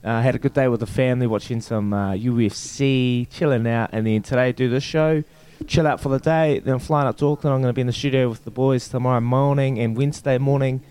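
A man's voice: medium pitch, fairly even intonation, fast, darkish tone, clear, resonant tone. Laid-back New man, laughing easily. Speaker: podcast co-host, rugby player. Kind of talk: casual sports chat.

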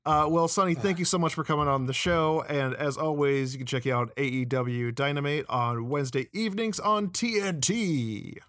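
A man's voice: fairly high pitch, normal speed, hardly any pauses, fairly bright tone, no echo. A man hosting a podcast interview in an easygoing, laid-back way. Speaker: podcast host. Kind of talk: casual interview.

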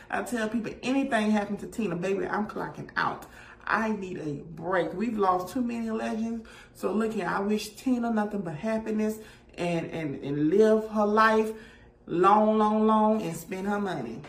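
A woman hosting a casual gossip chat, animated and sassy, often laughing as she talks to her viewers. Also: medium pitch, moderate pace. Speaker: gossip show host. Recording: echoey room.

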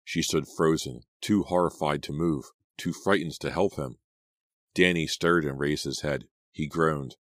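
Very deep-voiced male audiobook narrator. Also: measured pace, dry recording. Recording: dry close studio sound.

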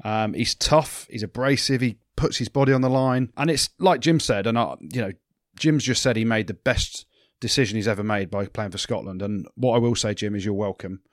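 A man's voice: fairly low pitch, fairly quick, no echo, clean studio sound. A man co-hosting a casual podcast, teasing his co-host and steering the talk. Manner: teasing, leading banter.

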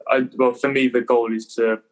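A man's voice: mid-range voice, moderate pace, rough recording. A young English man in his twenties, a guest on a call, talking casually and hesitantly, often repeating himself. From England. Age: 20s. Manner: relaxed, hesitant, repeats words. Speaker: guest, conservatoire pianist. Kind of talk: casual interview chat.

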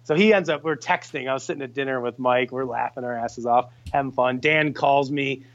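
A man casually telling a hunting story on a podcast, animated and swearing freely as he acts out his friends' lines. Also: mid-range voice, fairly quick, dull audio. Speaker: guest hunter telling a story.

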